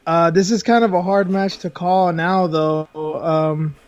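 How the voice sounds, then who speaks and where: A man's voice: high-pitched, steady tone, unhurried, clear, resonant tone, no echo. A man joining a panel over a remote call, rambling through his fight analysis with lots of fillers. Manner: rambling, with many fillers and restarts. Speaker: panel guest. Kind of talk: casual analysis. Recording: dull dry lo-fi call audio.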